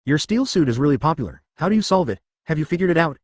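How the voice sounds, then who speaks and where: A synthetic man voicing an icy, arrogant young ninja from a web novel audiobook, talking with calm mockery. The delivery is quick and lively in pitch, with a dry, close sound. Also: dry recording. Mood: impatient.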